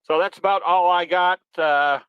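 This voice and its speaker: A man answers audience questions in a folksy, easygoing manner, drifting through his points at a relaxed clip. His voice comes through dry with no room sound, and a little dull, like a web call. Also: high voice, moderate pace, clear, resonant tone, no room sound. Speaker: guest presenter, trading educator. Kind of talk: webinar Q&A, explaining.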